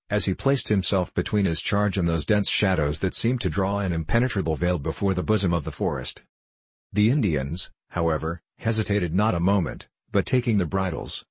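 A man narrating a classic novel in a measured, even reading, recorded close to the mic. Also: deep voice, slightly rough, dry recording, poor audio. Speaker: audiobook narrator. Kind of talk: scripted narration.

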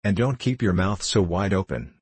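A man's voice: low voice, moderate pace, husky. A man reading as Alice, curious young girl.

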